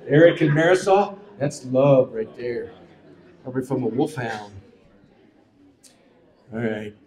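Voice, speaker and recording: Speaking at a measured pace in a medium-pitched voice, a worship leader addresses his congregation casually in the sanctuary. He's playful and joking, urging people to call out answers. The church sounds roomy, with music in the background.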